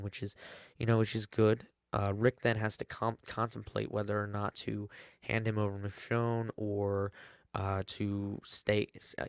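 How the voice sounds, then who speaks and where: A man's voice: fairly low pitch, smooth, no echo, clean studio sound. A man giving a rambling, casual episode recap, full of fillers and self-corrections. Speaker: TV episode reviewer.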